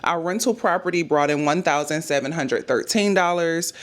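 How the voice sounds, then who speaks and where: A woman in her thirties, hoarse from losing her voice, chatting casually through her monthly budget numbers and talking straight to her viewers. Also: low voice, moderate pace. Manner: chatty, addresses viewers as "y'all", thinks aloud over numbers. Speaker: budgeting YouTuber.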